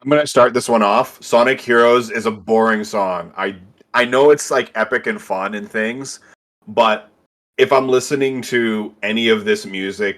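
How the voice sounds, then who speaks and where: A man's voice: lowish voice, fairly bright tone. A man co-hosting a podcast in casual chat, giving blunt, matter-of-fact opinions. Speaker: podcast co-host.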